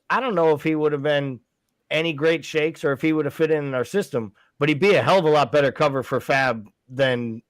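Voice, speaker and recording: A man's voice: on the high side, no room sound. A man co-hosting a casual podcast, blunt and sarcastic. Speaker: podcast co-host.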